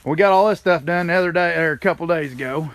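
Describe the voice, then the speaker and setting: With a fairly high pitch, a fast pace and a slightly bright tone, a man chats on his live stream while walking his yard. He holds the phone in his hand and keeps things folksy and casual, calling out viewers by name.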